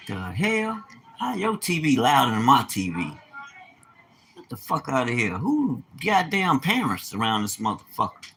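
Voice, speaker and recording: A man preaching and ranting informally, animated and profane, with sudden bursts of shouting. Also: mid-range voice, normal speed, reverberant. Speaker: religious teacher. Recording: noisy ambient background.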